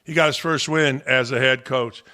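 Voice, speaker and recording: A man's voice: mid-range voice, steady tone, normal speed, sharp tone. A man hosting a sports talk show, giving blunt, combative opinions. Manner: blunt and combative, talks back to the audience.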